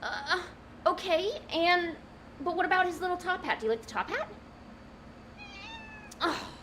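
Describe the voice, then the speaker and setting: A young woman with a very high, animated voice chats casually at a normal pace while she draws from memory on a stream. She's giggly and self-mocking, laughing at herself and talking to her cat now and then, with a noisy background.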